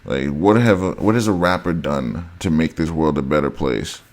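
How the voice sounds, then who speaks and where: A man with a very deep voice delivers a heated vlog rant. He repeats himself, circles back and keeps addressing his viewers as guys. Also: normal speed. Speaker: vlogger. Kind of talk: ranting monologue to camera.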